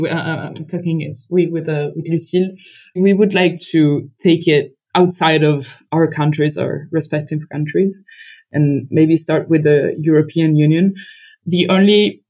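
Italian economist woman, guest; mellow voice, halting, restarts often. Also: sits low, fairly even intonation, poor audio. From Italy. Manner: thoughtful, halting, frequent restarts, light laughs. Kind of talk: podcast interview.

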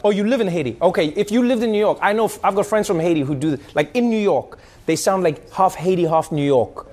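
A man comedian chatting with a live audience, an animated storyteller who laughs as he talks and keeps slipping into impressions. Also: high-pitched, fast. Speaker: comedian answering audience questions. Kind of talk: live stand-up style audience Q&A. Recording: live audience noise in hall. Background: audience laughter and murmur.

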